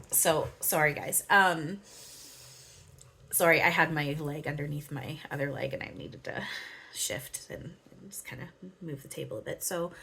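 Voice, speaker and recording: A woman's voice: low-pitched, sharp tone. A woman channeler talking in a casual, rambling way, with many fillers and frequent giggles. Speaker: spiritual channeler. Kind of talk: casual spiritual monologue.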